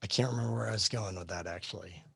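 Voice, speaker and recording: A man's voice: lowish voice, very fast, vocal fry, bright, forceful tone, husky, no echo. Rambling man teaching history, dry sound. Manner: rambling, many fillers and restarts. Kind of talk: casual live class discussion.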